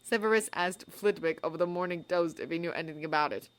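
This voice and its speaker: A woman narrating a fan story aloud in a measured storytelling manner. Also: lowish voice. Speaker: fanfiction narrator. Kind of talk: audiobook narration.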